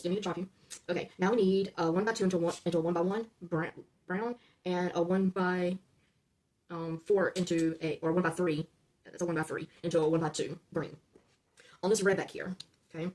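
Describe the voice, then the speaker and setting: A woman's voice: lowish voice, fairly even intonation, fairly quick, pauses often, darkish tone. A woman hosting a casual build-along, talking viewers through each step, often checking in with "okay?" and stumbling over numbers and correcting herself. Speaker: LEGO build-along host.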